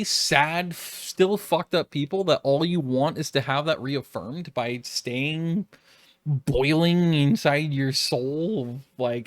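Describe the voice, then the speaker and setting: A man's voice: on the high side, unhurried, no echo, clean studio sound. A man who makes online videos, talking through an unscripted, rambling reflection with frequent swearing and exasperated outbursts. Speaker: YouTube creator.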